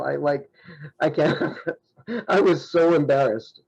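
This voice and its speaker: A man's voice: a little high, a little slow, vocal fry, darkish tone, lo-fi sound. A man being interviewed on a podcast, a self-described shy person telling stories in casual chat. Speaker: guest, horror host.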